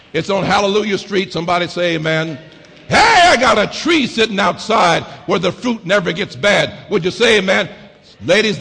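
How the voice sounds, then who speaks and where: A middle-aged man preaching a sermon as pastor, calling for amens and swinging from low murmurs to shouts. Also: gravelly, husky, big-room sound. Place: church sanctuary.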